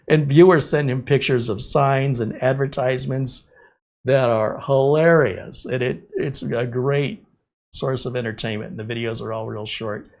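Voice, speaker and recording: Middle-aged male stream host, casual, animated storyteller, laughs easily. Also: medium pitch, measured pace, vocal fry. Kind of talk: casual live-stream chat.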